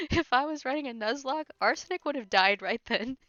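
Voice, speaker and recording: Bright-voiced woman streaming a game, laughs a lot, kinda sarcastic, dull dry audio w faint music. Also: high-pitched, animated, moderate pace, dry recording. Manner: laughing often, teasing and sarcastic. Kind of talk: casual gameplay commentary.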